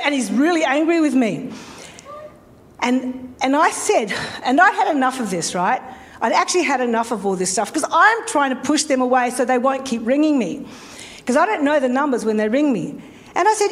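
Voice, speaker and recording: A woman's voice: high-pitched, very animated, moderate pace. A middle-aged woman pastor, telling a story in a sermon and acting out phone calls.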